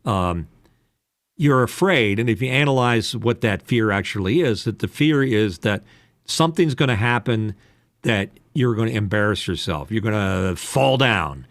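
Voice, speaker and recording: A man with a lowish voice talks through advice in a meandering way, stopping for ums and uhs and drifting off on side points. The sound is dry and close, with no room around it. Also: moderate pace, no echo. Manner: rambling, digressive, lots of ums and uhs. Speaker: podcast host. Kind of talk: casual advice chat.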